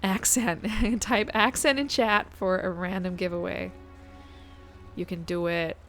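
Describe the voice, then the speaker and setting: A woman's voice: on the low side, steady tone, unhurried, a bit bright, faint music behind. A woman, chatting casually to her viewers while playing a game on a live stream and thinking aloud. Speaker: guest streamer.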